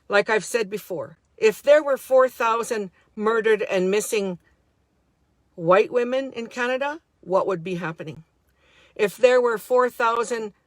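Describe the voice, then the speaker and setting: A woman's voice: medium pitch, no room sound, clean studio sound. A middle-aged woman speaking an unscripted, heartfelt monologue to her handheld camera, indignant and repeating herself as she talks. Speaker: vlogger.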